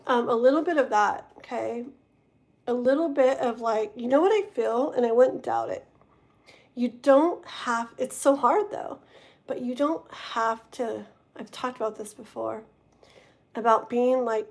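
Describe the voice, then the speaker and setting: A woman's voice: a little high, measured pace. A woman doing a live-stream tarot reading, talking straight to the viewer, rambling and stumbling over her words. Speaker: tarot reader.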